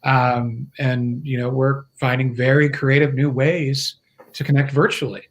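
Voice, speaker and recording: A small business owner chats as a guest on a casual video podcast from his home, his dogs nearby. His medium-pitched voice keeps a measured pace, and he stays relaxed and conversational, laughing easily and often.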